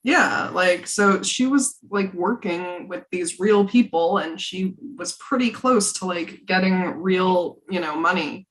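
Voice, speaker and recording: A woman hosting a podcast in casual chat, searching for words with many halting restarts. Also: lowish voice. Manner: halting, full of fillers and restarts. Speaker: podcast host.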